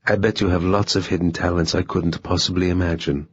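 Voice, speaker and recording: A man's voice: sits low, steady tone, a little fast, husky, no room sound, dull audio. A man voicing a playful, thrill-seeking young woman spy who talks in a teasing, half-mocking way.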